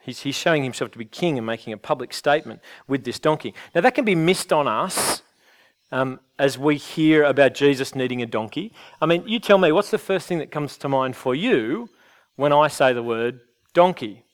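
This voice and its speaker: A pastor delivers a sermon in a medium-pitched, animated voice at a moderate pace. His manner is earnest and conversational, and he frequently restarts his phrases.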